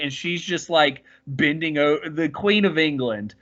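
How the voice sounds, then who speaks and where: Man, podcast co-host, crude rambling jokes, lively swooping pitch, higher voice, dull lo-fi sound. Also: a little slow, hardly any pauses. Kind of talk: crude casual chat.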